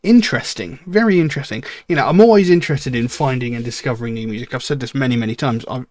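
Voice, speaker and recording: This man hosts a music reaction channel and thinks aloud over a track in casual commentary, filling his musings with pauses and fillers. His voice is medium-pitched with a darkish tone.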